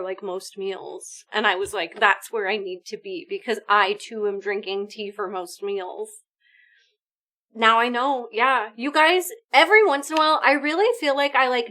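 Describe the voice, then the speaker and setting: A woman live streaming a video game, chatting casually with her viewers in an animated, exclamatory way. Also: fairly high pitch. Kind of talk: casual gaming stream chat.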